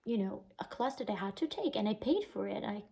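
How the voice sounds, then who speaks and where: A woman's voice: medium pitch, animated, a little fast, creaky, mellow, rough recording. A young woman from Italy with an Italian accent, telling a painful personal story in a casual vlog, full of "like" fillers. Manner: emotional, recounting a bad experience, lots of "like" fillers. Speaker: vlogger.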